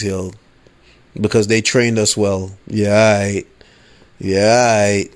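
A man's voice: on the low side, flat delivery, very slow, pauses often. A man hosting a podcast, ranting casually with lots of swearing and repeated "you know what I'm saying.". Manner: mocking voices he quotes, laughing at his own points. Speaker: podcast host. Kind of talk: casual political rant.

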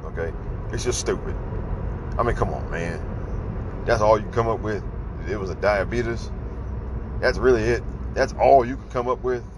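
A man's voice: fairly low pitch, moderate pace, long pauses, background noise. A man hosting a livestream, giving casual ranting commentary in an exasperated, incredulous way, firing off rhetorical questions. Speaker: livestream host.

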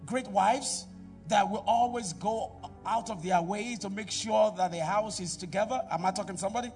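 High-voiced pastor preaching. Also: male voice, normal speed, recorded from a distance, faint music behind. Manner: preaching with call-and-response to the congregation; swings between loud exhortation and quiet asides. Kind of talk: sermon. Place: church.

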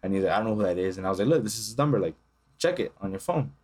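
A man's voice: on the low side, very fast. A young man co-hosting a podcast, telling casual, profane stories and acting out the voices of the people in them. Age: young adult. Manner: profane, animated storytelling with acted-out quotes. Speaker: podcast co-host. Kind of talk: casual chat.

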